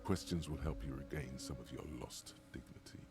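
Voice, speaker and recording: A sardonic inner voice of a troubled man, as a streamer puts it on. It rumbles extremely low, dramatic and mocking, narrating every thought. Clear game music runs underneath. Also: steady tone, fairly quick.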